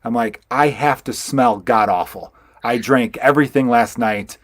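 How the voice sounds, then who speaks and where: A male podcast host, chatting casually at a medium pitch. He rambles through stories and swears freely. His voice is close and dry, with no room sound. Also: measured pace, no room sound. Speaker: podcast host, stand-up comedian. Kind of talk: casual chat.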